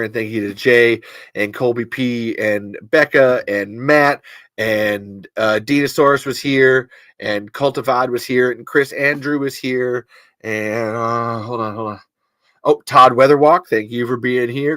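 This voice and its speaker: A man hosting a casual livestream podcast, reading out viewer comments, talking in an animated and testy way and swearing freely. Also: mid-range voice, measured pace, no echo, studio quality. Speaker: podcast host.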